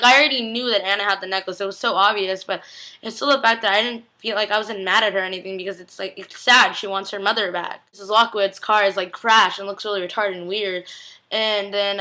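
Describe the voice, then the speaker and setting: A young woman recaps a TV episode on her vlog, chatty and effusive and nearly crying. She speaks briskly in a steady, sharp-toned voice of medium pitch. Along the way she keeps saying "like" and acts out lines from the episode.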